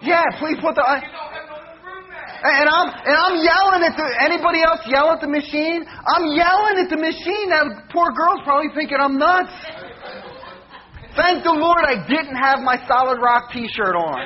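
A man preaching a humorous sermon, telling jokey stories with animated mock shouting. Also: extremely high pitch, measured pace, muffled recording.

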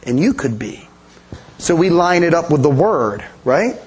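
A man's voice: a little high, a little slow, breathy edge, low-quality recording. A male pastor giving an interactive sermon, asking the congregation questions and affirming their answers in a conversational, emphatic way. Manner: animated emphasis, playful sound effects.

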